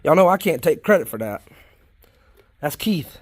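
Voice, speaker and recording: A husky, rather high male voice moves along at a moderate pace. The speaker is a South Carolina worm farming vlogger filming his worm bins, and his casual chat comes out folksy, rambling and quick to get excited.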